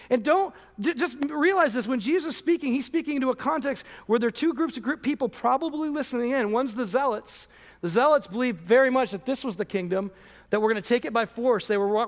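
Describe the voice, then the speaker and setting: A man preaching a sermon as pastor, earnest and emphatic, acting out quoted voices and rising to near shouts. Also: very high-pitched. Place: church sanctuary. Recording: long hall reverb.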